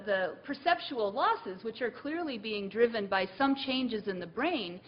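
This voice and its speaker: Woman lecturing, muffled recording. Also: medium pitch. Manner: thinking aloud with many fillers and restarts. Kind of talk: university lecture.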